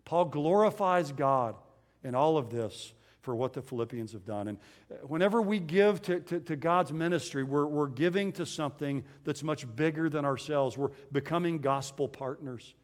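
A man with a somewhat high voice delivers a sermon from the pulpit. He speaks earnestly. He draws out the scripture he quotes slowly for emphasis. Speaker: pastor.

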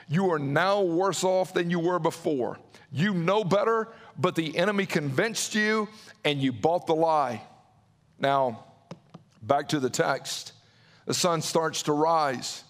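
High-voiced man preaching a sermon. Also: in a large hall. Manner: preaching with acted-out quotes and dramatic pauses. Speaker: pastor.

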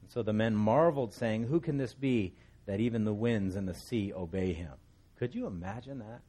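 A middle-aged pastor teaching a Bible passage in a relaxed, conversational way, with storytelling asides. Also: male voice, on the low side, normal speed, breathy edge.

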